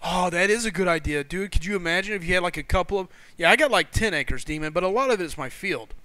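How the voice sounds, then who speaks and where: A man hosting a live stream, chatting excitably, laughing often and reading viewers' comments aloud. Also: high-pitched, quick pace, dry recording. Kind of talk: casual live-stream chat.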